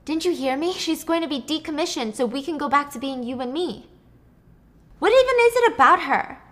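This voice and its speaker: A woman voicing an anxious young woman who turns furious and shouts indignantly. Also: high voice, fast, voice pushed up.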